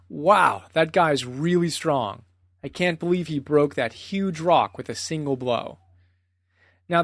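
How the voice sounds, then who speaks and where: A man's voice: fairly high pitch, no echo, clean studio sound. A man presenting a spoken book summary in an earnest, conversational way, often reading out quotes.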